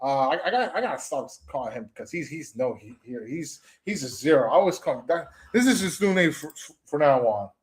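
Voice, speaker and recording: A young man on a commentary stream, his voice sitting high and swooping all over as he rants. He trash-talks in mocking jabs, trips over his own restarts and keeps circling back to the same phrases. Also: expressive, a little fast, few pauses. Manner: trash-talking, repetitive, stumbling restarts, mocking "moo" noises. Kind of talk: ranting call-out commentary.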